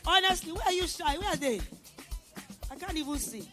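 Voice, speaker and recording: A woman's voice: sits high, expressive, a little fast, bright, forceful tone, soft background music. A woman giving an effusive, emotional thank-you speech on a conference stage, repeating herself as she calls her team up. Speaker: event founder and host.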